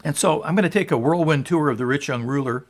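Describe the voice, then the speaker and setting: A man's voice: fairly high pitch, fast. A man pastor giving an earnest, emphatic sermon, reading scripture and teaching with restarts along the way. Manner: frequent restarts and fillers.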